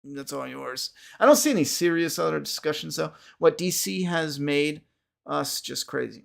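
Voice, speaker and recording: A man's voice: fairly high pitch, animated, normal speed, gravelly. A man hosting a podcast livestream, chatting casually with viewers, rambling with frequent restarts and casual swearing. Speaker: podcast host.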